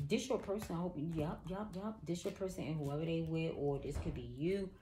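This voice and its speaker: Speaking a little fast in a low, warm voice, a woman gives a casual psychic tarot reading. She's blunt, profane and emphatic, addressing the viewer directly as "girl."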